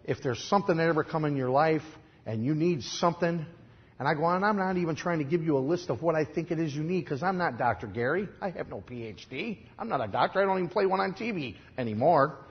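A man with a Chicago accent preaching a sermon, telling stories in a conversational way and swinging from quiet asides to loud, emphatic lines. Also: fairly high pitch, expressive, quick pace, highs cut off. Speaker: pastor.

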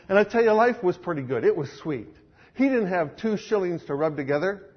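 A man's voice: fairly high pitch, slightly rough, muffled recording. A male pastor preaching a sermon, dramatic in his storytelling. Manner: dramatic, acts out characters.

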